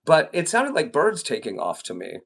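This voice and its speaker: A man acting out a calm, fatherly friend who soothes his panicked companions in a retold story. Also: fairly high pitch, normal speed, gravelly, heavily acted. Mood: reassuring. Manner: soothing, dismissive, patient.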